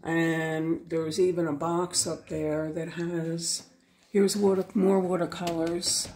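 A woman giving a casual, unhurried tour of her home craft room, pointing things out one by one. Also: fairly low pitch, little pitch movement, a little mellow.

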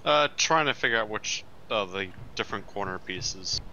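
Deep, bright-edged distracted man. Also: lively intonation, normal speed, rough recording. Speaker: co-player. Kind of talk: casual gaming chat.

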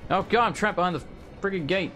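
A man's voice: high voice, fast, pushed and bright, faint music behind. A man hosting a let's play, giving casual gameplay commentary, joking and cursing freely. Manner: laughs often, swears casually.

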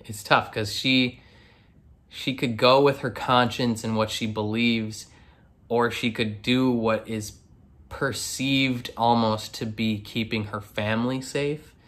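A man's voice: mid-range voice, fairly even intonation, takes it slowly, fairly bright tone. A man casually chatting through his reaction to a TV episode, rambling with restarts and frequent laughs. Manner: rambling, laughs often, many fillers and restarts. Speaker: reaction video host.

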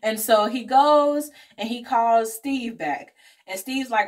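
Animated woman recapping a movie plot. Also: a little high, takes it slowly. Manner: animated storytelling, slangy asides, acts out characters' lines. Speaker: beauty vlogger reviewing a movie. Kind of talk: casual chatty plot recap.

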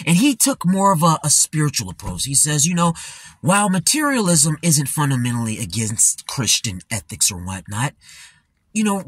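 A man rambles through a casual commentary, his husky voice swinging widely in pitch. He laughs often and fills every gap with "you know". The sound is dry and close. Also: a bit bright, no room sound. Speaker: commentary vlogger.

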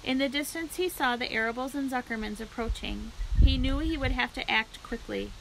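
A woman narrating a children's book aloud for a library read-aloud, in a clear, steady storytelling way. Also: high voice, moderate pace, slight background noise, poor audio.

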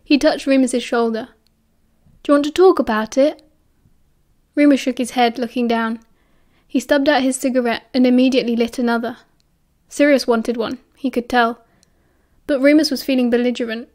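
High, mellow British woman narrating. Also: fairly even intonation, normal speed. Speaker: audiobook narrator. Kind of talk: audiobook narration.

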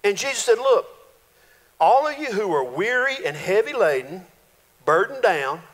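A male pastor, preaching a folksy, animated sermon full of playful voiced quotes in a church sanctuary. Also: high voice, normal speed. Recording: reverberant church hall.

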